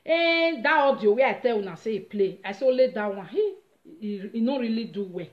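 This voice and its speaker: A woman with a Nigerian accent casually retelling a story on her vlog, animated and dramatic. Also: on the high side, a little fast. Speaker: vlogger. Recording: roomy, slightly dull recording.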